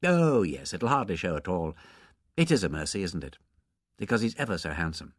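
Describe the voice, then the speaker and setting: A man plays a chatty hospital nurse in an audiobook, talking on in a gossipy, fond way with a lively rise and fall. The voice sits close and dry. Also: deep voice, fairly quick, no echo, voice pushed down.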